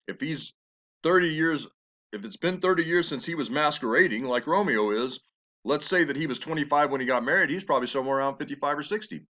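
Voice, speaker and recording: A man teaching a class on a play, explaining the scenes patiently and reading the verse aloud slowly and with feeling. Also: fairly high pitch, fairly bright tone. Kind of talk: lecture with read-aloud passages.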